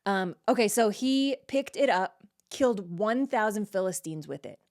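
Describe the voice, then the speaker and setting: A woman hosting a casual Bible study, reading verses aloud and then reacting and explaining them in everyday talk, often checking in with a quick "right?". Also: medium pitch, expressive, darkish tone. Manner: frequent "like" and "right?" checks with the listener.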